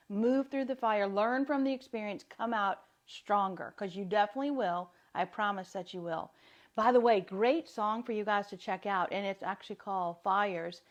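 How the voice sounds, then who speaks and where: A woman's voice: a little high, lo-fi sound. A woman with a light Southern accent, giving a chatty, upbeat live talk as a wellness coach. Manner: chatty, upbeat, laughs often.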